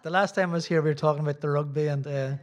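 A man's voice: a little high, steady tone, rapid-fire. A middle-aged Irish man, a visiting preacher, giving a sermon in a church with rambling, self-deprecating asides. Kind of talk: sermon with casual chat.

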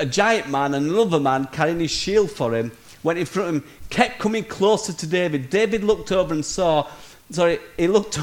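A man preaching a sermon with energy, calling his listeners "guys" and laughing off his own slips. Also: on the high side.

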